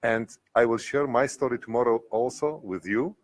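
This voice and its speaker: A guest speaker, a man, giving viewers a short, earnest message in slow, carefully chosen phrases. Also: mid-range voice. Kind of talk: short heartfelt address to viewers.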